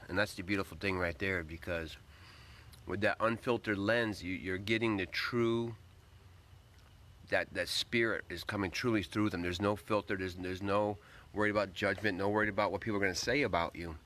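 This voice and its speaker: Low-voiced man chatting on a livestream. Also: fairly even intonation, normal speed, a bit bright, slight background noise. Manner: greets viewers by name, upbeat and rambling; talks while eating. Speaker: livestream host. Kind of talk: casual livestream chat.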